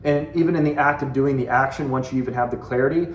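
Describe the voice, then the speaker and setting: A man's voice: medium pitch, fairly even intonation, fast, muffled recording, a little hiss or hum. A man in his forties giving a motivational talk as a sales team leader, earnest and conversational, repeating phrases for emphasis. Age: 40s. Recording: roomy echo.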